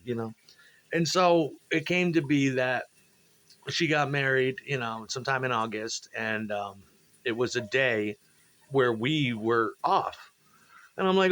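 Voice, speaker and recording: A musician with a mid-range voice and moderate pace casually rambles through stories of old gigs, swearing freely. When quoting people, he acts out their words with animation.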